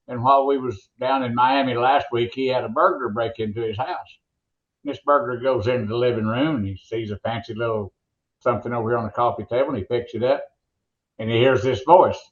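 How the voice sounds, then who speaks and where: A man's voice: mid-range voice, a little fast. An older man, a veteran announcer, telling stories and jokes in a rambling, folksy way during an interview. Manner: folksy joke-teller, rambling restarts. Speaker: veteran monster truck announcer, guest. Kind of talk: casual interview storytelling. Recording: echoey, muffled remote line.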